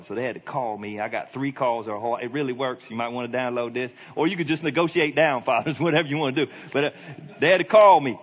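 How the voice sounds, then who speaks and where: A middle-aged male pastor giving a sermon, in a conversational, emphatic preaching manner. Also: mid-range voice. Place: church hall. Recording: long hall reverb.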